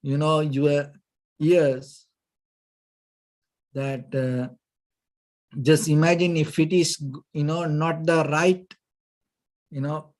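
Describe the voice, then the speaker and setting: A man, a Buddhist monk, giving a dhamma talk, halting and searching for words, often saying "you know", with gentle, patient explanation. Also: a little high, level tone. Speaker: Buddhist monk teaching meditation.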